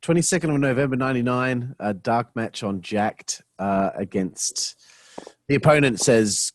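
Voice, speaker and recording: A man's voice: medium pitch, a little slow, dry recording. A man co-hosting a podcast, asking a guest questions in a hesitant way full of fillers. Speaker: podcast co-host.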